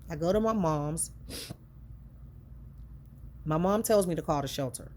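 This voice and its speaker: A woman with a somewhat low voice recounts a hard chapter of her life. She talks conversationally and earnestly, circling back and repeating herself, her feelings close to the surface. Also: measured pace, a little mellow, slight background noise. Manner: earnest, emotional, conversational with repetitions. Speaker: storyteller. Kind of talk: personal storytelling.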